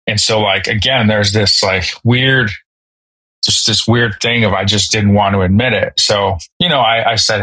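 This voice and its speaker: A man, a military veteran guest on a podcast, telling his story in a casual, halting way with many fillers and restarts. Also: on the low side, steady tone, bright, forceful tone, no room sound, poor audio. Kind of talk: candid personal storytelling.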